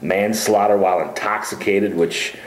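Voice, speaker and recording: A man's voice: lowish voice, fairly even intonation, moderate pace. Joking male sports host, roomy echo. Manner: joking, teasing banter. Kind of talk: casual sports chat.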